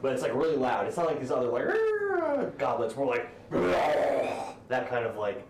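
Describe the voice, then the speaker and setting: A man's voice: medium pitch, quick pace, darkish tone. Roomy, distant game master, a man. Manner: loose, rambling, hesitant narration. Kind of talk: narrating a tabletop game. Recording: roomy, distant mic with faint hiss.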